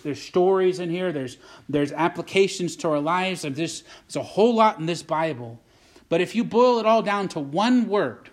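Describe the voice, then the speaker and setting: A man preaches a sermon, repeating himself for emphasis and checking in with the congregation. His voice sits slightly higher than most men's. He moves between earnest build-ups and quieter explanation. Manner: preacherly, asks "Amen?" and "Does that make sense?", repeats phrases. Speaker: pastor.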